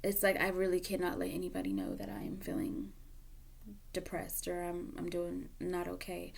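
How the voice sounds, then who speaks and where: Gravelly-voiced emotional tarot reader woman. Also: on the low side, level tone, moderate pace, slight background noise. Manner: emotional, candid, swings from loud to whispery. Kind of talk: casual tarot reading to camera.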